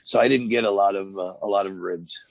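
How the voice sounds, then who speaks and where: A man guesting on an interview, telling old stories in a relaxed, rambling way full of fillers. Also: fairly low pitch, fairly quick, creaky, dry recording. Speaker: former wrestler, interview guest. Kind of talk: casual storytelling interview.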